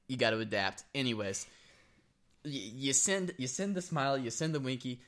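A man's voice: mid-range voice, normal speed, fairly bright tone. A young man co-hosting a casual comedic chat, joking and acting out text messages in quoted voices. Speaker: co-host. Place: indoor room with laptop.

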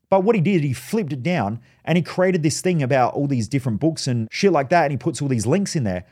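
A man's voice: on the high side, lively intonation, fairly quick, a little mellow. A man hosting a solo podcast, telling stories in a blunt, profane way. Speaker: podcast host.

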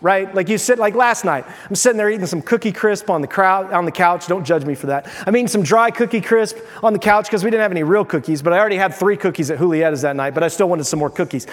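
High-voiced man preaching in a reverberant hall. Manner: conversational, humorous storytelling with scripture reading. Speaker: pastor. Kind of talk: sermon.

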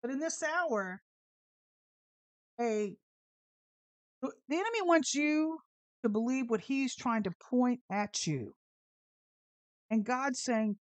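Sassy woman preaching, higher voice. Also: expressive, slow pace, pauses often, dry recording, highs cut off. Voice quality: brash, sassy, emphatic. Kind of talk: informal online sermon with storytelling.

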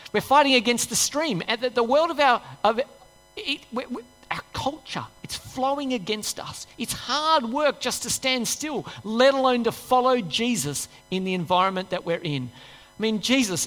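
A man's voice: high voice, fairly bright tone. A man preaching a conversational sermon, asking rhetorical questions and acting out people's inner voices. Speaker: pastor. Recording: long hall reverb.

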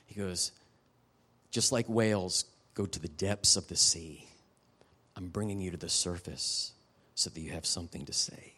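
A middle-aged man giving a guest sermon at a church service. He tells personal stories in a candid, emotional way and turns to the audience with quick asides. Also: deep voice, sharp tone, breathy edge. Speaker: guest preacher. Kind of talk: conversational sermon ending in prayer.

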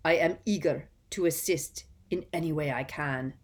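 A woman's voice: on the low side, unhurried, lightly acted. A woman voicing a frightened, unctuous middle-aged male prisoner pleading before a council in a storybook reading.

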